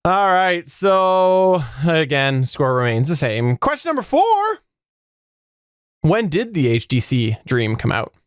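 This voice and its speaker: Man, podcast quizmaster, playful, fairly high, animated delivery, dry mic. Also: slow pace, clean tone, no room sound. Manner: playful, laughs often, sings out sound effects. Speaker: podcast co-host running a trivia quiz. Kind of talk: casual podcast chat.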